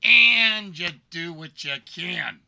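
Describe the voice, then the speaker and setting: His voice sits high, with vocal fry and a pushed, bright quality, though the audio is dull. At a slow pace, this man hosts a game show livestream, rambling casually and apologetically about being sick, his voice congested and worn by a cold.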